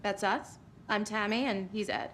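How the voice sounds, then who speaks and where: Brief: actress playing a sarcastic writer woman, gravelly and fry-edged, defensive. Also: mid-range voice, fairly even intonation, moderate pace, fairly bright tone, slight background noise, lightly acted. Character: wry, pushy female true-crime writer. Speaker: true crime writer, witness. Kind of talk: video game voice acting.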